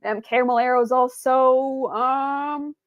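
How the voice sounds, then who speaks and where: A woman's voice: sits high, steady tone, unhurried, no room sound, lo-fi sound. A woman streamer chatting casually, rambling with many fillers and restarts, stumbling over her words and answering viewers' chat.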